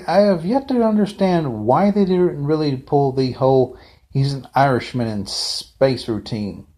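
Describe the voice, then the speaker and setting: A man's voice: on the high side, a little mellow. A man giving a casual, unscripted fan review, rambling off the cuff with frequent asides and restarts.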